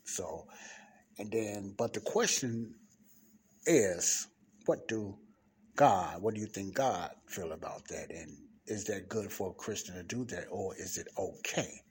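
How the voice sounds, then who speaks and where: A man giving a rambling, informal Bible teaching, talking low and close to the mic in a library study room. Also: a little slow. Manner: rambling, repeats words, talks low. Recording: faint traffic and room noise.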